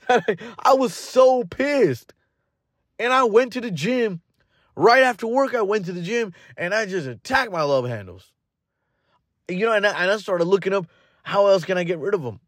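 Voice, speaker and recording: A man's voice: sits high, animated, normal speed, dry recording. A man hosting a podcast, giving a blunt, casual motivational monologue full of fillers and restarts. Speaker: podcast host.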